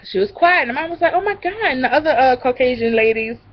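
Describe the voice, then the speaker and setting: A woman's voice: high voice, quick pace, highs cut off. A young woman telling rambling stories in a casual vlog, drifting from one tangent to the next. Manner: chatty, rambling, goes off on tangents. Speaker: vlogger.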